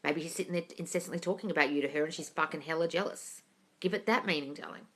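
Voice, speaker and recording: A woman's voice: sits low, quick pace, a bit bright. A woman, hosting a casual live stream and answering viewer questions, calling them darling and gushing over their news.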